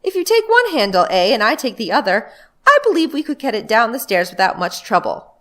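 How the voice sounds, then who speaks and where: A woman's voice: a little high, sing-song, a little fast, pushed and bright, voice pushed up. A woman voicing an earnest, practical boy twin who keeps proposing ideas.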